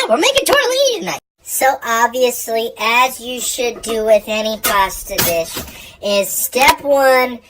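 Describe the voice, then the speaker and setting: A woman's voice: medium pitch, slight background noise, poor audio. A woman hosting a casual comedic cooking video, rambling, joking and stumbling over her words. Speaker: cooking show host.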